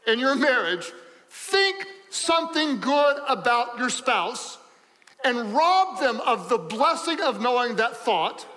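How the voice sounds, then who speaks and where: A man preaching a sermon as pastor, animated and joking, repeating phrases for emphasis. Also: very high-pitched, slow, long reverb tail, poor audio.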